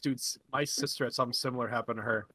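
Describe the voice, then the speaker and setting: A man from the Buffalo area telling a rambling, halting story in casual chat with friends. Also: medium pitch, steady tone, bright, forceful tone, dry recording, low-quality recording. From Buffalo, New York area.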